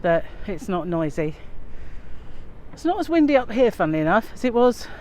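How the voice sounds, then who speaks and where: With a very animated, dark, mid-range voice at normal speed, a woman from England vlogs her walk across a windy river bridge on a handheld phone. She's slightly out of breath, chatty and meandering with frequent fillers, against a backdrop of wind and passing aircraft.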